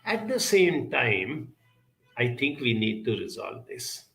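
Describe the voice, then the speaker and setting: Male speaker, gravelly, measured emphatic delivery, roomy echo. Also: medium pitch, very animated, fairly bright tone. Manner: measured, emphatic, frequent uh fillers. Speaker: speaker answering audience questions. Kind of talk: live talk on emotional intelligence.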